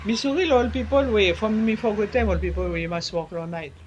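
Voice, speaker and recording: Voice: medium pitch, brisk, slight background noise. A nurse with a Ni-Vanuatu accent giving casual health advice and slipping French words into the talk.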